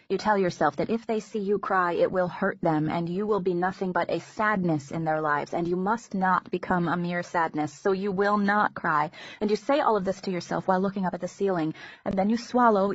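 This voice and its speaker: A woman narrating an audiobook in a measured, intimate first-person reading. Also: fairly low pitch, slightly rough, dry recording. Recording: dull lo-fi recording.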